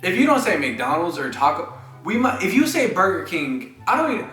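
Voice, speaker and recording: Excitable reaction host, bright and bouncy, in an echoey room with a little music. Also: male voice, high-pitched, fairly quick. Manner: excitable, stammering restarts. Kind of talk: casual reaction commentary.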